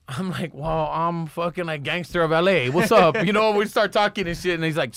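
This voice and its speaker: Guest, male skater from Los Angeles, animated profane storyteller, somewhat high voice, dry mic. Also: fairly quick, few pauses, dry recording. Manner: profane, street slang, animated retelling. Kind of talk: casual storytelling.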